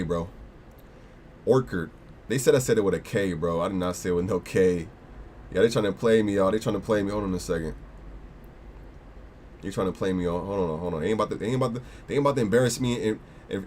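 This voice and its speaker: Young dude rambling on a stream, slangy, keeps restarting, slight hiss in the background. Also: male voice, fairly low pitch, a little mellow. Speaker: crypto livestream host. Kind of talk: casual livestream chat.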